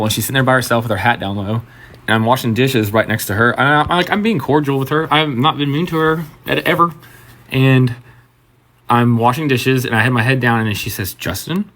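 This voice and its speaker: A man's voice: medium pitch, fairly bright tone. A man in a mid-range voice tells a story from behind the bar. He talks loosely and swears freely. He acts out each side of the dialogue as he goes. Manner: conversational, swearing, acts out quotes. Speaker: bartender. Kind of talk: casual storytime.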